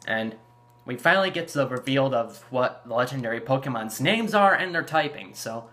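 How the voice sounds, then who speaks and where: A man's voice: medium pitch, animated, moderate pace, sharp tone. A man hosting his own gaming channel, chatting casually about a game trailer and rambling with fillers and restarts. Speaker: YouTube gaming channel host. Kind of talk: casual video commentary.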